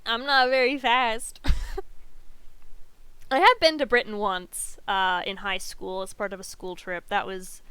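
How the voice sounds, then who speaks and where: A woman's voice: medium pitch, slow pace, sharp tone, smooth, no echo. A young woman from the Southern US with a light Southern accent, chatting casually and giggling often while streaming a game. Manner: chatty and giggly, rambling with many fillers.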